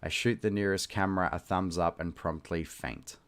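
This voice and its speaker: A man's voice: low-pitched, fairly even intonation, moderate pace, a bit bright, clear, resonant tone. A man reading a short story aloud, with loose, chatty asides where he laughs at himself. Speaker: reader and host.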